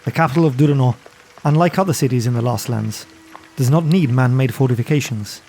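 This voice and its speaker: A man's voice: mid-range voice, a little mellow, slight background noise. A man co-hosting a podcast, narrating a gamebook adventure in a storytelling manner. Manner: storytelling, light laughs between sections. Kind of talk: narrating a gamebook play-through.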